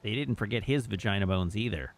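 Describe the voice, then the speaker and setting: A man's voice: lowish voice, a little fast. A man streaming a video game, playfully teasing and reading chat messages aloud in casual commentary. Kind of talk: casual let's-play commentary.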